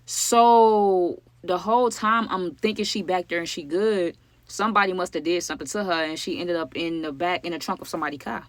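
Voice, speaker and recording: In a dry recording, a vlogger with a mid-range voice talks fairly quickly while recounting a true story. The narration is casual, heavy on "like" and "you know what I'm saying," and aimed directly at the audience, addressed as "y'all."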